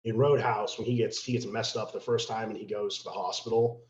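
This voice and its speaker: As a podcast guest, a man with a lowish voice tells his story fairly quickly, casual and profane, with animated impressions of the people in it. The audio has a roomy, slightly dull podcast sound.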